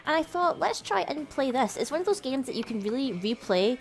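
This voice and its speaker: A woman's voice: high voice, big pitch swings, fairly quick. Upbeat young woman chatting over gameplay. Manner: chatty and upbeat, with frequent fillers. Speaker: let's play host. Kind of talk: casual gameplay commentary.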